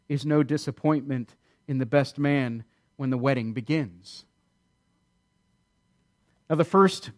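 Male pastor, sermon, fairly high voice, emphatic, repeats key phrases.

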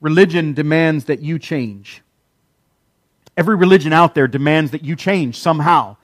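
A man delivers a sermon in a fairly high voice. He hammers his points with repetition and dramatic pauses. The sound is dry and close. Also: expressive, dry recording. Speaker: pastor.

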